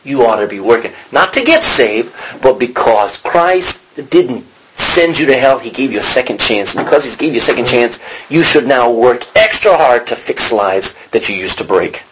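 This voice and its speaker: A man's voice: medium pitch, normal speed, slight background noise, poor audio. A man teaching an informal Bible study, asking the class questions and acting out the lines he quotes. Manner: animated, acts out quotes, asks the class questions.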